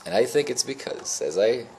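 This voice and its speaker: A man's voice: medium pitch, a little hiss or hum. A man in his forties telling a rambling, emotional personal story in a reflective, spiritual way. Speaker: vlogger.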